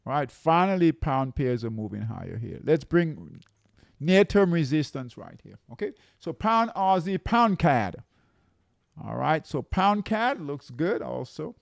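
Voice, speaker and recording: A man's voice: on the high side, big pitch swings, measured pace, vocal fry, dry recording. A man running a live trading lesson, walking through charts and checking in with "okay?" and "right?" as he talks. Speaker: trading coach.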